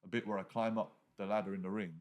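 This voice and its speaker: A man's voice: fairly low pitch, level tone, fast, darkish tone. A man, a wrestler guest on a podcast, talking in casual chat. He rambles and packs his talk with fillers. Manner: rambling, packed with "like" fillers and restarts.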